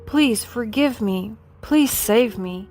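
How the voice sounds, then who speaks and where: A woman's voice: a little high, animated, slow pace, a little mellow, soft background music. Desperate broke husband, as a woman reads him. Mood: pleading.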